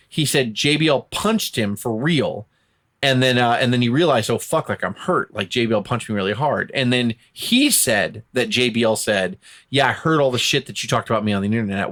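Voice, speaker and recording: A man's voice: medium pitch, a bit bright. A man hosting a wrestling podcast, ranting angrily and with a lot of profanity, mocking other people in put-on voices. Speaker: podcast host. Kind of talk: heated casual chat.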